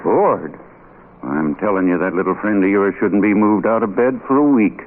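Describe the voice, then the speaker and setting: Actor as older country doctor, deep and suspicious, blunt questions; 1930s radio style, phone-thin sound with faint hiss. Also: male voice, normal speed, natural voice. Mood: gruff doubting. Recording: tinny hissy old radio broadcast.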